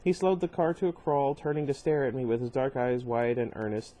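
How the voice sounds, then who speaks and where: A man reads a novel aloud with casual, wry asides, stumbling over words now and then. His voice sits mid-range in pitch for a man. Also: steady tone, a little fast, warm tone. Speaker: reader.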